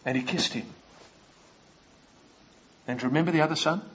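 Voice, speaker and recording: A man's voice: a little high, fairly quick, fairly bright tone, muffled recording, a little hiss or hum. A man preaching a sermon, retelling stories and asking his listeners questions.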